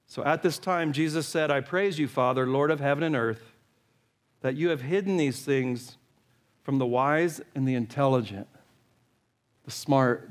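A male pastor preaching a sermon, talking straight to the congregation and reading scripture aloud. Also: mid-range voice. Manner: earnest, direct preaching, reads scripture aloud. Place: church sanctuary.

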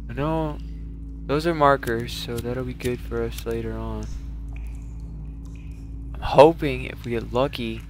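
A man streaming a survival game, commenting live as he plays, cursing often and jumping from low muttering to panicked yelling. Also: fairly even intonation, unhurried, long pauses, soft background music. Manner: swears a lot, swings from muttering to panicked yelling.

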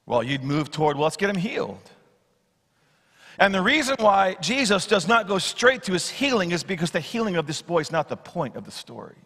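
Pastor, high bright man's voice, swings loud to soft while preaching, big church reverb. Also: sing-song, brisk. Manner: expository preaching, acts out Bible quotes, swings from loud to hushed. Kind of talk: sermon. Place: church sanctuary. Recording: long church hall reverb.

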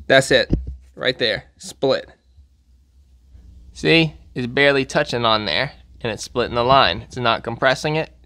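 A man's voice: mid-range voice, sharp tone, clean tone, dry recording. A man hosting a repair channel, talking casually through a how-to, plain-spoken and repeating warnings for emphasis. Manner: plain-spoken, walks through steps while pointing things out.

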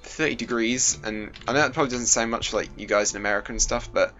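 Sweating in the heat, a British teen narrates a Minecraft let's play for YouTube, rambling, cracking jokes and doing silly voices. He talks fast at a medium pitch with a bright, forceful tone, the home recording muffled and faint music in the background.

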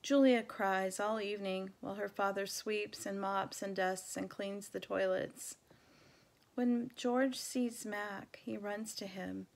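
Woman reading a kids' novel aloud, measured and gentle, slow, mid pitch. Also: fairly even intonation, vocal fry. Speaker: reader.

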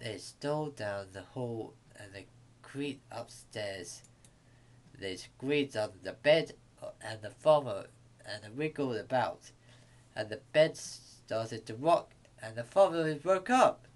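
A man reading a bedtime story aloud to kids, in a halting way with small restarts. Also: medium pitch, lively intonation.

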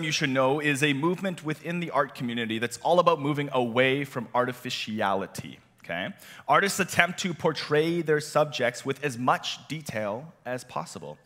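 A bright, lively male pastor preaching with playful asides and a lot of rise and fall in his voice. His voice carries a long reverb off the church hall. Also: on the high side. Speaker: youth director and teaching pastor. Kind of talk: sermon.

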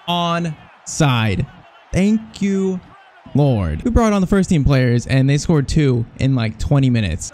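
Excitable young man commentating a game. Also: medium pitch. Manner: excitable, swings from deadpan gripes to loud cheering. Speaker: gaming channel host.

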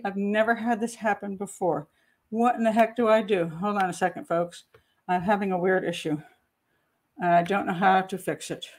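Breathless chatty woman in her sixties. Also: mid-range voice. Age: 60s. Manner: chatty, exclaiming, talks to herself while troubleshooting. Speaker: host. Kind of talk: casual livestream talk. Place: home.

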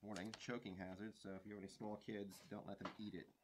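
Young male co-host, low-pitched, easygoing and wisecracking. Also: little pitch movement, fast talker, a little hiss or hum. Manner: laid-back, jokey, describes items as he unpacks. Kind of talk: casual unboxing chat.

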